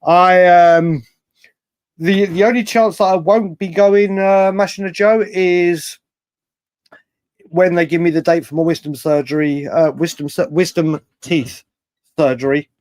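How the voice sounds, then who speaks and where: Casual male livestream host, slightly higher voice, rambling delivery, reads out and answers chat comments. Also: fairly even intonation, a little slow, a little mellow, no echo. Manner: rambling, with frequent restarts and fillers. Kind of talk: casual live chat reading viewer comments.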